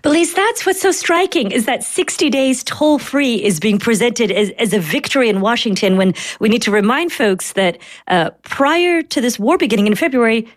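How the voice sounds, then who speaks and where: A woman's voice: fairly high pitch, animated, moderate pace, few pauses. A woman co-hosting a news podcast, asking emphatic, pointed questions in conversation. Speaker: podcast co-host.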